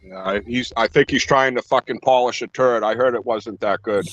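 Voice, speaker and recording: A man's voice: medium pitch, normal speed, fairly bright tone, muffled recording. A man chatting casually about boxing, rambling, laughing a lot and swearing constantly. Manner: crude, rambling, laughs often, heavy swearing. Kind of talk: casual profane banter.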